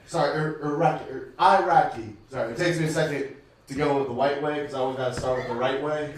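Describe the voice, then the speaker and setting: A man's voice: mid-range voice, steady tone, fast talker, very echoey, recorded from a distance, background noise. A man performing a stand-up comedy set in a club, talking casually with lots of fillers and asides. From United States. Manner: casual, rambling delivery with many fillers.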